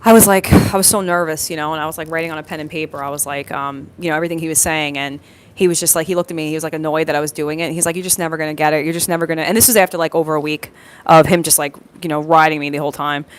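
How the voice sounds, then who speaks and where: A woman's voice: low voice, steady tone, very fast, smooth. Chatty young woman rambling on break. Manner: chatty, rambling, lots of fillers and self-corrections. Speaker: plumbing apprentice vlogger. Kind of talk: casual live-stream storytelling. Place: work site on break.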